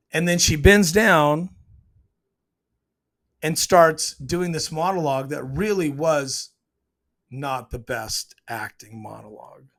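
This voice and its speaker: A man with a slightly higher-pitched voice gives a casual commentary on a TV scene. He is opinionated and walks through the scene step by step, slipping into the characters' quoted lines along the way. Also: a bit bright. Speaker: TV show reviewer.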